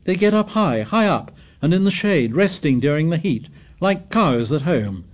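Man doing an obsessive boy hunter, audiobook, eager and quick. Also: a little high, big pitch swings, voice pushed up. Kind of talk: audiobook character reading.

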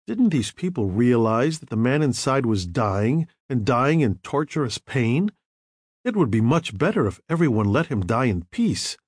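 Measured male audiobook narrator. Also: mid-range voice, very animated, husky, dry recording, studio quality.

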